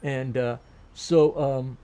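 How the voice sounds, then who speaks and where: A man's voice: medium pitch, steady tone, slow, warm tone, clean tone. An older man from Turkey, a Turkish native speaker, telling a long rambling anecdote in an interview with many restarts and laughs. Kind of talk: storytelling anecdote.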